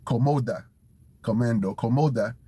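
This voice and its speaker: A man studying vocabulary out loud, thinking aloud, repeating words and making up memory tricks in a casual chat. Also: mid-range voice, normal speed, slightly rough, dry recording. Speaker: language learner streaming his study session.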